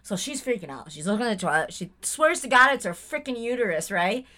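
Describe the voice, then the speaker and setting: Lively, bright-voiced woman podcast host. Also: fairly high pitch, a little fast. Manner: giggly, animated storyteller acting out voices. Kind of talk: casual chat.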